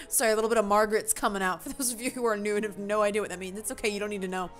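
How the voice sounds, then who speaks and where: A woman's voice: medium pitch, racing, soft background music. A woman hosting a casual let's-play, chatty and self-mocking as she comments on the game. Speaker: gaming channel host.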